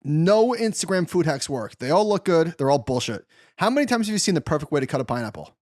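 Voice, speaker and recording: A man's voice: a little high, big pitch swings, fast, no echo, studio quality. A man co-hosting a podcast, talking bluntly and emphatically in casual chat, with easy swearing. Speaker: podcast co-host.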